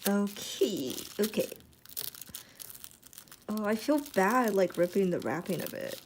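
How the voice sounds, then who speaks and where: A young woman chats casually as she unboxes a package, her voice sitting at a middle pitch. She gets excitable, squealing and giggling often as she goes. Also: slow, a little hiss or hum. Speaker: vlogger opening a package.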